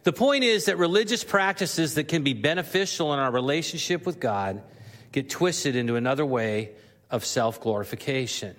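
A man's voice: mid-range voice, lively intonation, moderate pace, a bit bright, big-room sound. A man preaching a sermon as the pastor, earnest and rising to emphatic exhortation. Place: church sanctuary.

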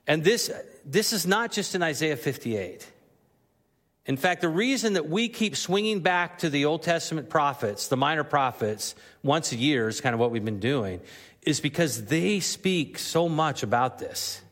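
A man's voice: fairly high pitch, animated, moderate pace, fairly bright tone, big-room sound. A man preaching a sermon as the pastor, earnest and rising to emphatic exhortation. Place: church sanctuary.

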